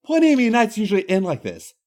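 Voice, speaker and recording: A man voicing a brash, hard-drinking Irish woman wrestler who talks loudly and crudely in a thick Irish accent. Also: high voice, big pitch swings, moderate pace, pitched above the performer's own voice. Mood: brazen. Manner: loud, foul-mouthed, boisterous.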